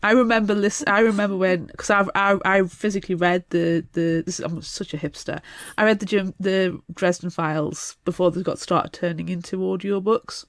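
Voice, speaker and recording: A woman's voice: fairly low pitch, fairly even intonation, moderate pace, few pauses, no echo, clean studio sound. A British woman co-hosting a podcast in casual chat. She talks with enthusiasm and rambles through restarts. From Britain. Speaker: podcast co-host.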